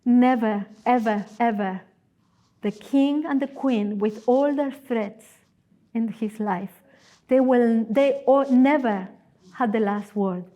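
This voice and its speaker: In a muffled recording, a woman with a non-native English accent gives a sermon as a guest speaker at a church. Her fairly high-pitched voice has a dark tone, and her storytelling is earnest and emphatic with dramatic pauses.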